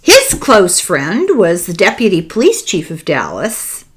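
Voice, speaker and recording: A woman's voice: on the low side, a little slow. An older woman with an Irish accent, hosting a podcast and retelling a book in a casual, wry, conspiratorial way. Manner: animated, wry, conspiratorial storytelling. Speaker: podcast host discussing a book. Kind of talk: casual chat.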